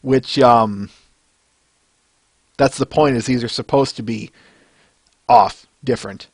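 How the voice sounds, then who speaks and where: A man's voice: mid-range voice, slow, no room sound. A male podcast host rambling casually through a fan-art review, with lots of fillers and chuckles.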